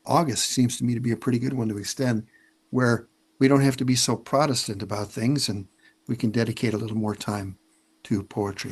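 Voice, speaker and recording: A man's voice: mid-range voice, darkish tone, husky. Man hosting a casual video call. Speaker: workshop host.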